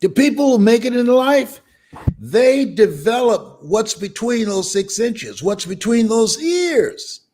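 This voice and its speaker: A man's voice: extremely high pitch, sing-song, slow, a little mellow. An older man giving a live motivational speech, emphatic and preacher-like, repeating phrases and breaking into hearty laughs. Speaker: motivational speaker.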